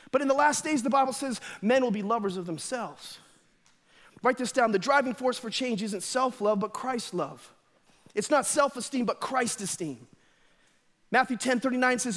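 A man preaching a sermon to a church congregation, animated, telling stories and acting out quotes. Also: very high-pitched, big-room sound. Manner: energetic, animated storytelling with acted quotes. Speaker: pastor. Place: church sanctuary.

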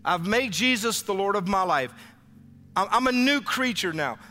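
A man preaching a lively sermon as pastor, acting out biblical dialogue for his congregation in church. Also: high-pitched, normal speed. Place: church sanctuary. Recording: live hall reverb with faint music.

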